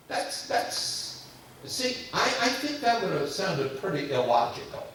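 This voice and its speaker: A man preaching a sermon, moving between loud, emphatic declarations and quiet, hushed storytelling as he addresses the congregation. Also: high voice, sing-song, unhurried. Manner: impassioned, swinging from loud emphasis to hushed telling. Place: church sanctuary. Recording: very echoey church hall from far off, faint hiss.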